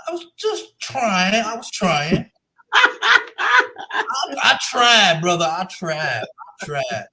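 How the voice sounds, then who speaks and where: Bright high-voiced radio co-host man. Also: big pitch swings, slow pace. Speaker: sports co-host. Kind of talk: casual radio banter.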